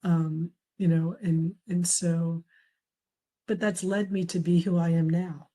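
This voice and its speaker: Mellow-voiced woman telling family stories. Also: fairly low pitch, level tone, slow pace, poor audio. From raised in a traditional Chinese family. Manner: warm storytelling, quotes family members, laughs often. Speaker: memoir author, guest. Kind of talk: conversational interview.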